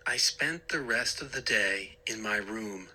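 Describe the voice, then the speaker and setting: Male horror narrator, slow and dramatic, bright forceful tone. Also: lowish voice, poor audio. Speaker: storyteller. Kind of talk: scripted horror story narration.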